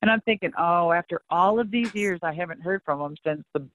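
Middle-aged woman, animated storyteller who swears freely and acts out dialogue, on a thin, dry phone-quality line. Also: lowish voice, fairly quick, no echo. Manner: animated and profane, acting out both sides of conversations. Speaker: interview guest, monster truck driver. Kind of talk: casual storytelling in an interview.

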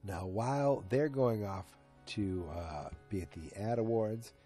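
Here a podcast host, sleepy and yawning at home in front of the TV, wanders casually through a recap of a TV episode, chatty and full of side comments. His mellow voice runs on the low side at a slightly slow pace, with faint music behind.

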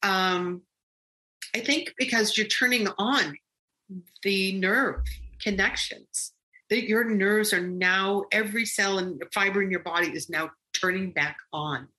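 A woman guest recounting a personal experience in conversation, animated and rambling with frequent restarts. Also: medium pitch, measured pace, poor audio.

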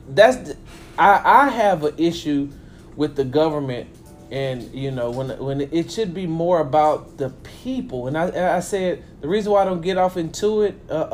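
A man hosting a casual political talk show, animated, acting out the people he quotes, often restarting his sentences. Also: a little high, a little hiss or hum.

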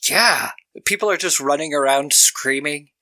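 A man's voice: fairly high pitch, normal speed, bright, forceful tone, dry recording. A man co-hosting a podcast, casually recapping a film scene by scene, laughing often and acting out lines from the movie. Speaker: podcast co-host.

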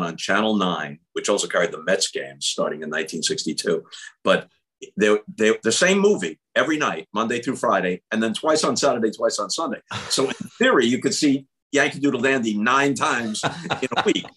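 A man in his seventies from the New York area, a veteran sports broadcaster telling stories as an articulate, animated interview guest. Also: lowish voice, brisk, poor audio. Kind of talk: casual interview storytelling.

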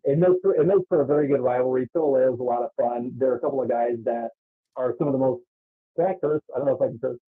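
A man's voice: medium pitch, very fast. A man calling in as a wrestling promoter guest, talking hesitantly and repeating his words. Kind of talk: phone-in interview. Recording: tinny phone line.

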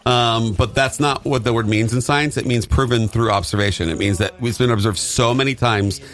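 A man's voice: mid-range voice, moderate pace, fairly bright tone. A man co-hosting a casual podcast chat, rambling with many restarts and laughing often. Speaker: podcast co-host.

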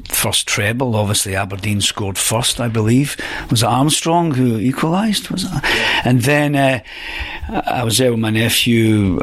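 A Scottish actor, a guest on a podcast interview, telling anecdotes in a rambling, hesitant way with many fillers. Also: male voice, on the low side.

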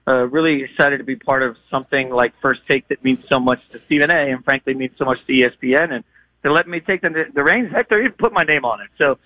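Male sports radio host, quick talker, bright tone, animated, dry sound. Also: medium pitch, dry recording, dull audio. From moved from Nashville to Connecticut. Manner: animated, mimics voices in anecdotes. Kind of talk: fast, energetic casual talk.

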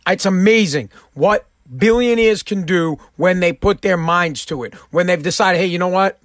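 A man's voice: high-pitched, normal speed, no room sound, clean studio sound. Fired-up man ranting crudely. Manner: fired-up, emphatic, crude, stumbling restarts. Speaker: vlogger. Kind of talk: profane opinion rant to camera.

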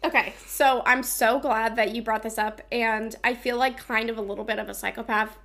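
A woman's voice: fairly high pitch, fairly even intonation, moderate pace, fairly bright tone. A young woman co-hosting a podcast, talking casually and rambling a bit with fillers. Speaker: podcast co-host.

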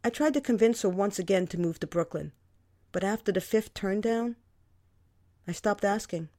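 A woman tells her own family story in the first person, wry and candid. Her pitch sits in an ordinary middle range, and her delivery is conversational rather than polished. It sounds like a personal memoir read aloud. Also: mellow. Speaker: memoir narrator.

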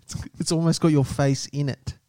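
A man's voice: on the high side, fairly even intonation, normal speed, mellow, no echo, studio quality. A man co-hosting a podcast, teasing his co-host in laid-back banter. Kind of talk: casual chat.

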